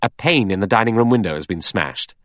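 A man reading aloud and voicing a composed man who speaks calmly and evenly. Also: fairly low pitch, fairly quick, no room sound, studio quality, lightly acted.

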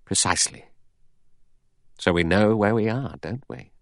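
Man playing a cynical menacing adventurer, deep low voice, sneering, clipped, dry recording. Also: unhurried, creaky, dry recording.

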